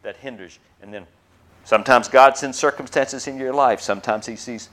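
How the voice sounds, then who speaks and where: Emphatic male preacher, loud-soft swings. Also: medium pitch, normal speed. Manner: frequent hesitations with uh and um. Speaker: pastor. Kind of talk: sermon.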